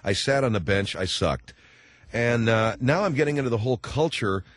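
A middle-aged man hosts a radio talk show from the studio, chatting with callers in a jokey, meandering style. His voice sits at a medium pitch with lively intonation and a normal pace, picked up on a close studio mic.

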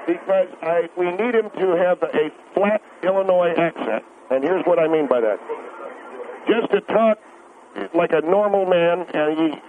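A radio caller with a high-pitched voice speaks at a measured pace, pressing his point in a rambling phone-in rant. He trips over words and says things again, all through a tinny line with a faint hiss.

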